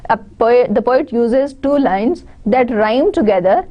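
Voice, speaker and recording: A woman's voice: fairly high pitch, expressive, slow pace, dull audio. A woman with a Pakistani English accent giving an online lecture, explaining step by step and restating her points. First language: Urdu.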